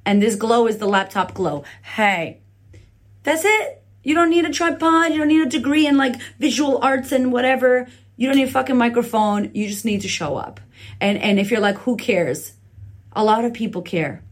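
A woman with a slightly high voice, speaking at a moderate pace, hosts a podcast and gives a blunt, profane motivational talk. She's indoors, recorded on a phone camera leaning against a laptop.

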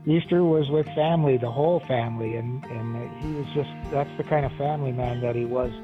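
Deacon guy remembering stuff, lots of uh and restarts, sounds thin like a phone line, faint music under. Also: medium pitch. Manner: halting, many restarts and fillers. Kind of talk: interview recollection.

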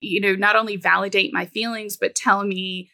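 Bright, gravelly-edged woman telling her story. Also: mid-range voice, level tone, normal speed. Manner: candid, reflective, many "you know" fillers. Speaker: business coach, guest. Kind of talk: personal storytelling in interview.

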